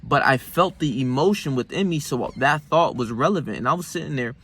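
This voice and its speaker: A young man telling a gym story as a motivational vlog. He talks in loose slang, swears often and keeps dropping in fillers. His voice sits at an ordinary male pitch. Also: lively intonation, brisk, a bit bright, slightly rough. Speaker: self-improvement vlogger. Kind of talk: casual motivational monologue.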